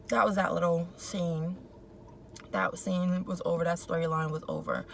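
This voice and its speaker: A woman's voice: lowish voice, unhurried, long pauses. A young woman giving an opinionated, colloquial recap of a reality show episode in a casual vlog. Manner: opinionated, sassy, colloquial, animated. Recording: clear background noise, vehicle sounds.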